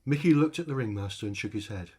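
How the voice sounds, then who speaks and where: A man's voice: lowish voice, expressive, fast, darkish tone, breathy edge. A man reading his own short comic story aloud, with a dry, wry delivery. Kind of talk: storytelling narration.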